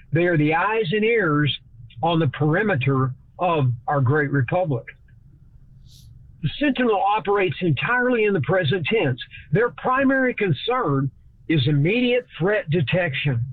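A man's voice: fairly high pitch, dry recording, narrow, tinny audio. A man from Texas, giving a folksy, speech-like scripted talk as host. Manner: folksy speech-like delivery, shifts between slow and fast.

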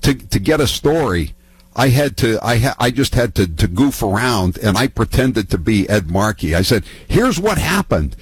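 An older man tells political anecdotes in a halting, rambling way, often restarting his sentences. His voice is husky and sits on the low side. The sound is dry and close. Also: no echo. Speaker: political talk guest. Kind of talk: casual political storytelling.

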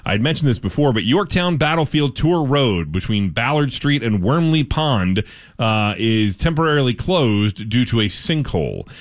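A man's voice: mid-range voice, sing-song, moderate pace. A man hosting a local radio show, reading news items with casual asides and fillers.

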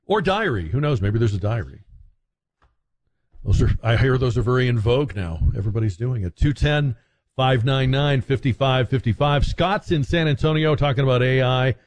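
A man hosting a radio call-in show, talking in a wry, sardonic way and jumping in quickly on his callers. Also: medium pitch, animated. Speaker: radio talk show host.

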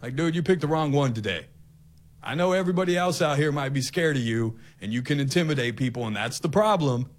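Middle-aged male talk host, animated storyteller who acts out the people in his story. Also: a little high, brisk. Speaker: radio host.

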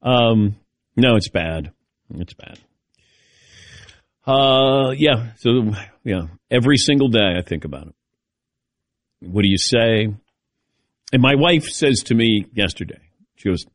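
Animated middle-aged man hosting radio. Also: medium pitch, a little slow, long pauses, no room sound, clean studio sound. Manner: animated, self-deprecating, rambling. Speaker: radio show host. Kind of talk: casual call-in radio chat.

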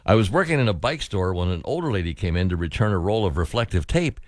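A man's voice: low-pitched, fast, no echo, studio quality. A man from Cleveland, Ohio, hosting a morning radio show, chatting casually and laughing often. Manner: laughs often, animated delivery.

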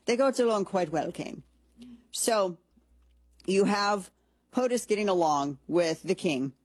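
A woman's voice: mid-range voice, lively intonation, a little slow, darkish tone, slightly rough, no room sound. A woman hosting casual political commentary, talking in an opinionated, conversational way with frequent restarts.

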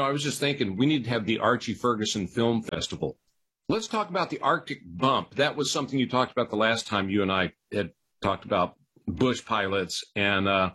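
Male podcast host, curious, forceful voice with a husky grain. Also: on the low side. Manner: curious, steers the talk with questions. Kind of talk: casual podcast interview.

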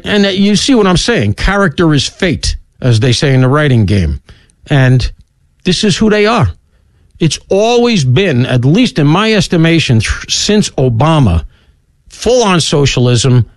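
A middle-aged man hosting a talk radio show, delivering an opinionated monologue with rapid asides and sudden swoops in pitch. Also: creaky, no echo. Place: radio studio.

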